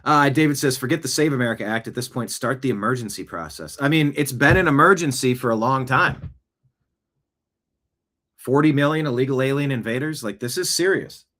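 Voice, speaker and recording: A man's voice: medium pitch, animated, brisk, fairly bright tone. Male host, casual rambling political commentary, talks off the cuff with asides. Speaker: show host. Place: home studio, seated.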